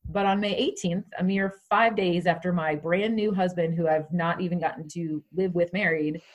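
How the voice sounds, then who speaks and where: A woman's voice: fairly low pitch, fairly even intonation, moderate pace. A woman in her forties, a podcast guest, telling a personal story in a conversational way with many fillers.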